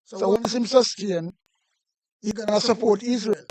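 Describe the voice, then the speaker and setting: A man's voice: high voice, fairly even intonation, unhurried, crowd noise. A man with a Jamaican accent giving heated, repetitive political commentary in casual patois-laced talk.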